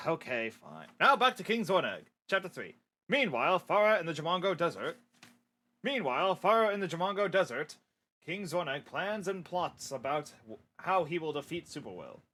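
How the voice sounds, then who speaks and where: A man's voice: a little high, big pitch swings, a little fast, sharp tone. A man reading his own storybook aloud on a stream, with chatty, joking asides to viewers.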